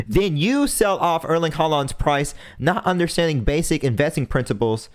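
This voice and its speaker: A young man hosting a podcast, delivering an impassioned, preachy rant and repeating phrases for emphasis. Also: mid-range voice. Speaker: podcast host.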